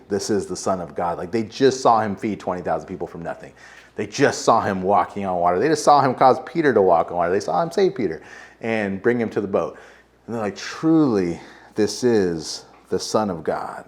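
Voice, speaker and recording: A man's voice: lowish voice, darkish tone. A man with an American accent, a pastor preaching a sermon in a casual, conversational way, with frequent fillers. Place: church sanctuary.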